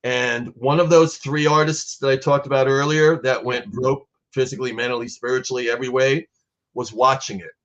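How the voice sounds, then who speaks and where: A man's voice: mid-range voice, fairly even intonation, a little fast, fairly bright tone, dull audio. Earnest man telling an emotional story. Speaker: guest artist. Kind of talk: emotional storytelling in a podcast interview.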